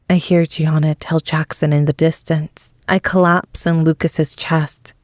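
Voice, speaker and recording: Low-voiced woman reading an audiobook. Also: flat delivery, dry recording, studio quality. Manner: slow, measured, emotional reading. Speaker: audiobook narrator. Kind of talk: scripted first-person audiobook narration.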